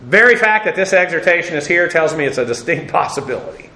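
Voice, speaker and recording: A man teaching a Bible class as pastor, unhurried and conversational, with frequent pauses and dry asides. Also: a little high, lively intonation, pushed and bright, echoey room, rough recording.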